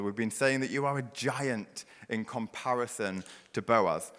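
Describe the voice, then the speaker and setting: Man, pastor, sermon, mid-pitched voice, loud build-ups and soft hushed drops, long church reverb. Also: measured pace.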